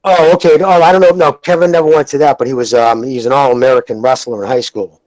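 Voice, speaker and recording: A man, hosting a podcast and telling rambling, profane stories in a casual, animated way. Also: medium pitch, quick pace, no room sound, rough recording. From Lowell, Massachusetts. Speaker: podcast host. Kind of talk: casual chat, storytelling.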